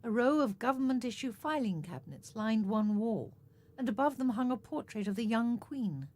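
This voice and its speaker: A woman narrating an audio drama in a measured, expressive storytelling manner. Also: on the high side. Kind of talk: scripted narration.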